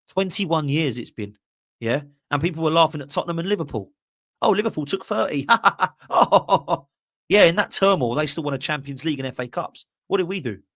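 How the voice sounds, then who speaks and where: A man's voice: fairly high pitch, fairly bright tone, no room sound, clean studio sound. A man, hosting a live fan podcast and ranting passionately while reading out viewer messages. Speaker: podcast host. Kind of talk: live-stream fan rant, reading super chats.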